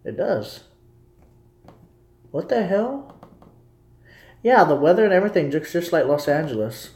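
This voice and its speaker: A young man rambles to his live viewers, repeating himself and chatting loosely. His voice sits a little high, and the recording has a roomy echo. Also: darkish tone. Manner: rambling, repetitive, talking to viewers. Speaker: streamer. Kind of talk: casual live commentary.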